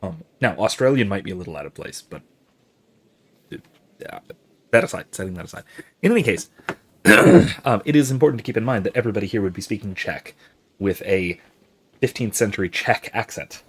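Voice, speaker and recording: A man's voice: on the low side, lively intonation, fairly quick, pauses often, breathy edge. A man hosting a gaming channel, giving casual, professorial explanations while he plays, rambling with many fillers and restarts and reacting to viewer chat.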